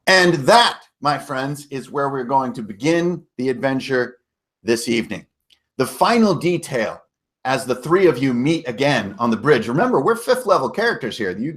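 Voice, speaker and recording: A man narrating a tabletop game recap as game master, casual and storytelling, with self-corrections and mild swearing. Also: medium pitch.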